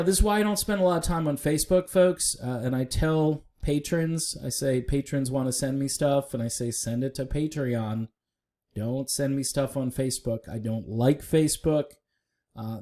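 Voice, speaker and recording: A man's voice: mid-range voice, mellow. A man giving casual, opinionated solo commentary on music news, talking straight to viewers with frequent fillers.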